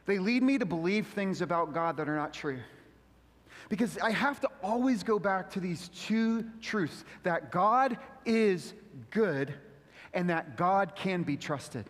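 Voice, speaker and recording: A man pastor giving a casual, animated sermon full of slang. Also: high-pitched, a little slow, long reverb tail.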